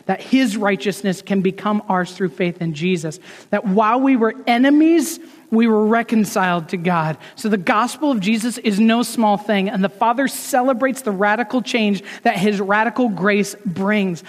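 A man preaching a sermon in an earnest way, pressing some words hard and dropping others to a softer tone. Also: high-pitched, measured pace, in a large hall. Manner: earnest preaching with rising emphasis, drops to soft asides. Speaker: pastor.

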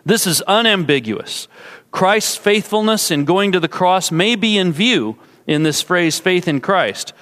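A man's voice: sits high, expressive, a little slow, fairly bright tone. A man preaching an expository sermon, explaining carefully and putting rhetorical questions to his listeners. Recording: long hall reverb.

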